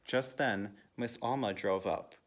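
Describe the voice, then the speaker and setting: Volunteer reader, male, somewhat low voice, storybook read-aloud that perks up for quoted lines. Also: measured pace, a little hiss or hum. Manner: lifts pitch and volume for character quotes. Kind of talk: reading a children's picture book aloud.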